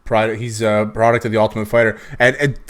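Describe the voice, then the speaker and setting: Man, podcast host, quick easygoing chatter, loose and informal delivery. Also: on the low side, level tone, a bit bright. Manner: easygoing, chatty, drawn-out fillers. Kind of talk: casual podcast chat.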